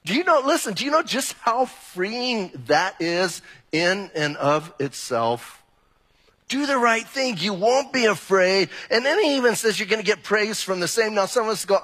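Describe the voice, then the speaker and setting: A man preaching a sermon as pastor, conversational and animated, firing direct questions at his congregation. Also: high voice, moderate pace, husky. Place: church hall. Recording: long hall reverb.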